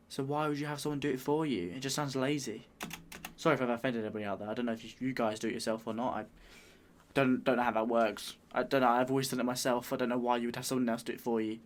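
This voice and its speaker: A British man in a medium register comments on a clip. He talks casually and rambles, sounding bemused. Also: medium pitch. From United Kingdom. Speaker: reaction video host.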